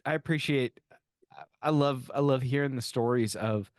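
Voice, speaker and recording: A man's voice: medium pitch, dry recording. Earnest male podcast host, dry sound. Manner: earnest, halting with many restarts. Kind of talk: casual interview chat.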